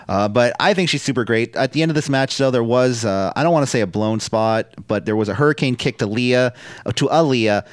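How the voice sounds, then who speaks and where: A man's voice: mid-range voice, brisk, no echo, clean studio sound. A man co-hosting a podcast, casually recapping wrestling matches, swearing and laughing now and then. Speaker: podcast co-host.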